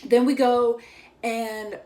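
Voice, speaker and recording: A woman's voice: fairly high pitch, level tone, slow, mellow. A young woman vlogger telling a story in a casual, chatty way, full of "like" and acted-out quotes of her friends. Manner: chatty, filler-heavy, acts out quoted friends.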